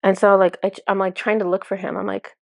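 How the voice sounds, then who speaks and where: A woman's voice: mid-range voice, little pitch movement, fast, gravelly, a little mellow, dry recording, clean studio sound. A woman speaking as a spiritual channeler in a casual, enthusiastic monologue full of fillers. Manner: chatty, filler-heavy, enthusiastic.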